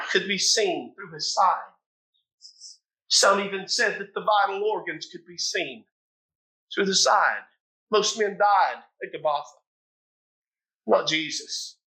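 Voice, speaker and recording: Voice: mid-range voice, sharp tone, poor audio. A preacher delivering a sermon in a dramatic, impassioned storytelling manner.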